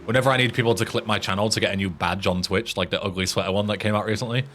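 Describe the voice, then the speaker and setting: A man's voice: fairly low pitch, steady tone, rapid-fire, a bit bright, slight background noise. A young English man streaming a game, chatting casually, joking and swearing. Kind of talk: casual gameplay commentary.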